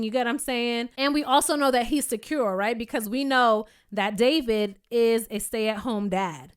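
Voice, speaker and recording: A woman, giving a chatty, animated recap of a reality show in a casual commentary style. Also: fairly high pitch, smooth. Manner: chatty and animated, quoting cast members in playful voices.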